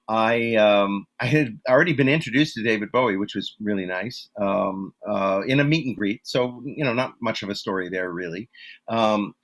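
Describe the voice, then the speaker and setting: A man with a lowish, fairly bright voice is interviewed as a musician. He tells stories in a casual, rambling way, full of fillers, restarts and self-deprecating asides.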